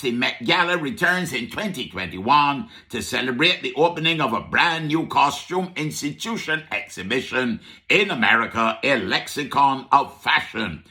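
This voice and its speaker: A man's voice: mid-range voice, pushed and bright. A man with a Barbadian accent presenting a comedic radio word-history segment as a market vendor, playful and teasing with frequent "huh?" asides.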